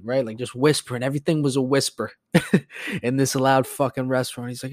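A man's voice: mid-range voice, steady tone, a little fast, no room sound, clean studio sound. A man who is a teacher, hosting a podcast in rambling, profane casual chat. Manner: rambling and profane, many fillers. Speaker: podcast host.

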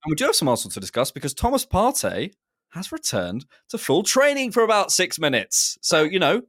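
A man hosting a casual football podcast, chatting with quick laughs and restarts. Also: a little high, huge pitch swings, fairly bright tone. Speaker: podcast host.

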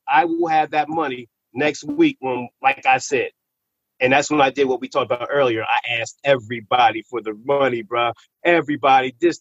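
A man telling a personal story in casual, profane slang, animated and repeating words when he gets worked up. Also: mid-range voice, slightly rough, no room sound. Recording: slightly muffled recording.

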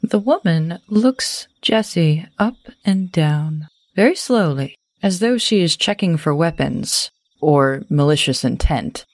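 A woman's voice: deep voice, lively intonation, takes it slowly, no echo. A woman running a tabletop game, narrating scenes in detailed, cinematic description. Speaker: game master.

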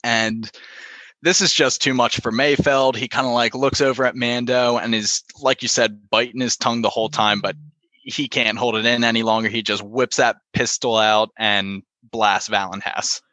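A man's voice: medium pitch, fairly even intonation, normal speed, sharp tone, dry recording. A man casually recapping a TV episode, retelling scenes and quoting lines with lots of "you know". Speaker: podcast co-host recapping an episode. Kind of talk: casual chat.

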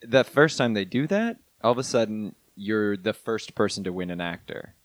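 A man's voice: on the low side, lively intonation, no room sound. A male podcast co-host riffing playfully in improvised comedy chat. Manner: playful, quick to riff.

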